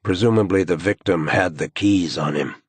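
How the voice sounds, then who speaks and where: A man's voice: low voice, moderate pace, breathy edge, no echo. A man voicing a persistent, dry-joking male police detective who speaks insistently in an audiobook.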